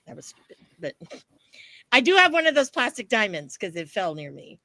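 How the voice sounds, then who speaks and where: Woman rambling on a podcast, acts out all the quotes, swears a lot, mid pitch, dry close sound. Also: brisk, no echo. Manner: animated storytelling, acts out quotes, swears freely. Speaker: podcast co-host. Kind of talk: casual chat.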